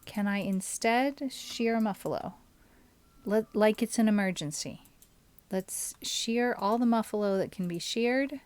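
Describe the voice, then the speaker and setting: A woman's voice: medium pitch, unhurried, darkish tone, no echo. A young adult woman streaming a game, chatting casually and musing aloud while answering her chat.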